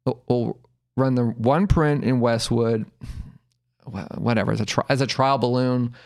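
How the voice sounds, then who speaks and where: A lively man from the Los Angeles area, appearing as a podcast guest, tells a funny story in casual fashion at an unhurried pace. His voice is medium-pitched and gravelly, and he acts out quoted voices and laughs often as an animated anecdote teller.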